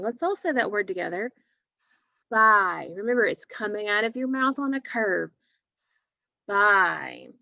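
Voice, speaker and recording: A woman's voice: mid-range voice, pushed and bright, no room sound. A woman teaching a phonics lesson to young children, patiently sounding out letters and words.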